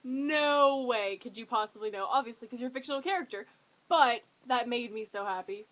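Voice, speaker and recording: High bright girl ranting about her fave show, gushy, all over the place. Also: fairly quick, rough recording. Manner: excitable, gushing, rambling. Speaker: fan reviewer. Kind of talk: casual fan review vlog.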